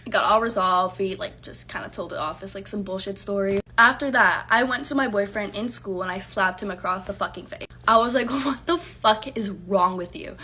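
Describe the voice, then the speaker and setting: A woman's voice: medium pitch, a little fast, hardly any pauses, sharp tone, a little hiss or hum. A young adult woman telling a casual storytime, heated and profane, acting out what she said back then. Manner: heated, profane and emphatic, acting out her own lines.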